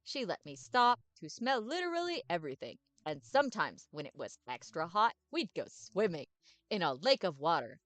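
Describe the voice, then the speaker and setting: A woman voicing a cheerful, eager male dog ghost who talks loudly and excitably. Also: lowish voice, normal speed, no room sound. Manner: loud, bouncy and excitable.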